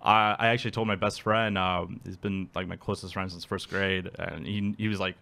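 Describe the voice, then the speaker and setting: A man's voice: sits low, steady tone, moderate pace, creaky, sharp tone. A man being interviewed, telling his story casually, laughing often and acting out quotes. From Alaska. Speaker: guest.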